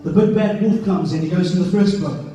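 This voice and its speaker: A man with a high voice preaches to a congregation, moving from storytelling into impassioned exhortation. He sounds distant from the microphone in a heavily echoing church hall. Music plays behind him. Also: fast talker, warm tone. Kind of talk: sermon. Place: church sanctuary.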